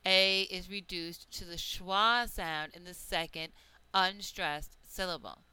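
A woman teaching a pronunciation lesson, reading out example words slowly and deliberately. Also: on the low side, fairly even intonation, pushed and bright, clean tone, low-quality recording. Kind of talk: slow, careful pronunciation lesson.

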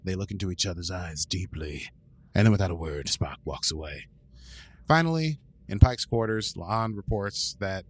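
A man co-hosting a podcast, recapping an episode casually and acting out the characters' lines in quick voices. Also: deep voice, breathy edge. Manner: animated, acts out quotes in voices.

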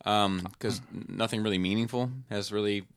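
Rambling man, low voice, dry sound. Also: fairly even intonation, moderate pace, clean tone, dry recording. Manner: rambling, filler-heavy, many restarts. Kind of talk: casual chat.

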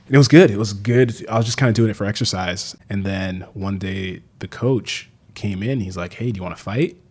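A man's voice: fairly low pitch, normal speed, a little mellow, slightly rough. A man in casual conversation, telling stories animatedly and swearing freely, acting out what people said. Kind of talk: casual chat, storytelling.

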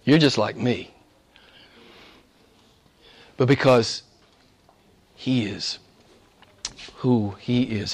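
A man preaching a sermon to a live congregation, exhorting with rhetorical questions and dropping to hushed whispers before rising to fervent shouts. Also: mid-range voice, slow pace, pauses often.

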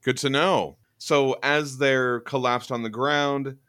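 A man's voice: mid-range voice, steady tone, slow pace, fairly bright tone, smooth, no echo. A man hosting a podcast, recapping a story in a casual, chatty way with lots of fillers. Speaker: podcast host. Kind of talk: casual book-club discussion.

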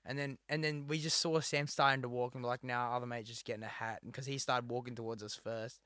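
A man's voice: mid-range voice, little pitch movement, quick pace, bright, forceful tone, dry recording, studio quality. A young man co-hosting a casual chat, telling a story in a rambling way, full of fillers and quoted lines. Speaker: podcast co-host.

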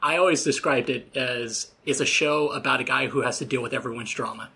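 A man with a mid-pitched voice that is husky but bright and edgy talks on a group podcast. He lays out his reasons in a measured, explanatory way. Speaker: podcast panelist. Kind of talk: casual chat.

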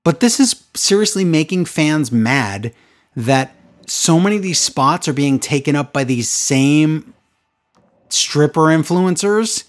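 Sarcastic man with a lively, swooping voice. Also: a little high, takes it slowly. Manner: sarcastic, exasperated ranting. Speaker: podcast co-host recapping wrestling. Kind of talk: casual chat.

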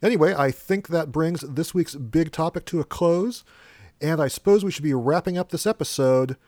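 A man's voice: fairly high pitch, moderate pace, a little mellow, dry recording. A man hosting a casual podcast who laughs often and also reads a story aloud dramatically. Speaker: podcast host. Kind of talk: casual chat and dramatic reading.

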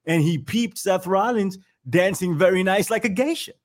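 An animated male podcast host with a fairly high voice. He riffs in casual chat, jokey and quick to laugh, and keeps the banter rolling.

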